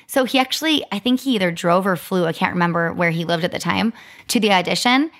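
With a fairly low, slightly bright voice and a quick pace, a thirty-something woman co-hosting a podcast shares a story. Her manner is relaxed and talkative, full of "like."

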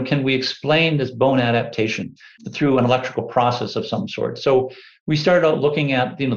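An older man, an engineer and inventor, telling relaxed, rambling anecdotes in an interview, full of "you know" fillers. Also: mid-range voice. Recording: dull echoey room recording.

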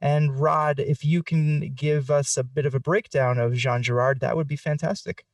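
A man's voice: a little high, steady tone, normal speed, no room sound, recorded from a distance. A man hosting a podcast, talking in a playful, jokey way. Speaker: podcast host. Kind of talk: casual podcast discussion.

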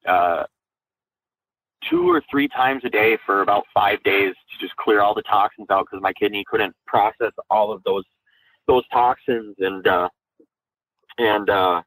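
A young man with a fairly low voice recounts his own story in an interview. He speaks candidly and haltingly, with frequent fillers and restarts as he gathers his thoughts. He is a veteran from Minnesota. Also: fairly bright tone, no echo, low-quality recording. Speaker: guest, Army National Guard veteran.

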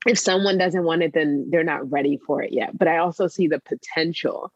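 A woman's voice: sits low, a little fast, dry recording, highs cut off. A woman being coached, talking hesitantly with many fillers, candid and emotional about her work. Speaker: coaching client, joy strategist for working moms. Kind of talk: coaching conversation, role-play practice.

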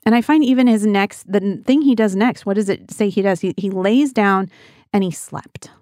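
A woman's voice: mid-range voice, moderate pace, darkish tone, dry recording. Earnest woman teaching the Bible, dry close sound. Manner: earnest, conversational, addresses listeners as guys.

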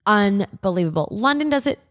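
Brisk and medium-pitched, this woman in her thirties tells animated stories as a podcast host in casual chat. Her talk is heavy with fillers and swearing.

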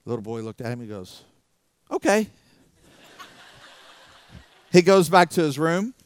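A middle-aged man telling a story as a motivational speaker, animated, acting out the voices of the people in it. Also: medium pitch, fast, smooth, no room sound. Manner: animated, acts out the voices of people in his stories. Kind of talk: storytelling talk to a live audience.

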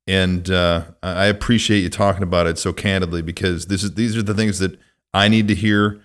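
A man's voice: low voice, steady tone, fairly quick. A man hosting a casual conversation, easygoing, with frequent "uh" fillers. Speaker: podcast host.

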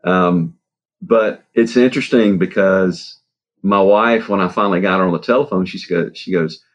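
Really deep-voiced guy telling his story on an interview, lots of ums, muffled audio. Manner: halting, with many fillers and soft laughs. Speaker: guest. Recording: dull lo-fi sound.

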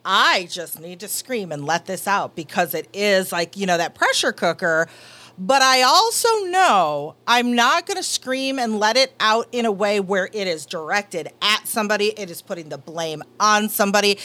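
A woman co-hosting a podcast in casual conversation, animated and expressive and swearing freely. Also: on the high side, dry recording. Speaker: podcast co-host.

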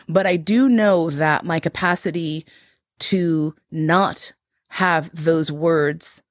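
A woman with a slightly low voice speaks candidly as an interview guest, reflective and frank. She grows animated as she retells events. The sound is dry and close, with no room around it. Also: no room sound. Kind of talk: candid personal storytelling.

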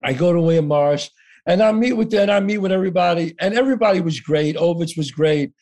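A man's voice: sits high, fast talker, a little mellow. An older man telling his story as a podcast guest, acting out both sides of each conversation and swearing freely. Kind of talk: animated storytelling.

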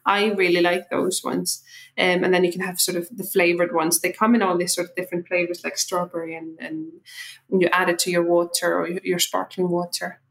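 A woman from Iceland whose accent blends Icelandic, Irish and English, talking in a relaxed way with fillers as a guest in a casual interview. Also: fairly low pitch, a little fast, vocal fry, poor audio. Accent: Icelandic, with Irish and English influences. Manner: relaxed, with filler words and restarts. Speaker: podcast guest.

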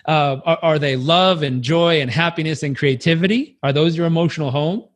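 A man giving a motivational talk, animated and acting out little scenes in other voices. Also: a little high, normal speed. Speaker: motivational speaker.

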